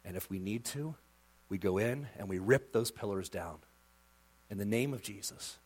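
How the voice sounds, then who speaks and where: A male pastor preaching a sermon with passion, dropping to a hush and then rising to loud emphasis. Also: on the low side, normal speed, breathy edge. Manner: impassioned, swings from hushed to loud emphasis.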